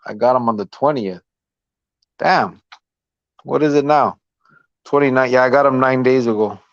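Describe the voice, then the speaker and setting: A man's voice: mid-range voice, moderate pace, no echo. A man hosting a casual podcast, laid-back, reading viewer comments aloud and laughing often. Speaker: podcast host. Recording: dry, slightly dull lo-fi sound.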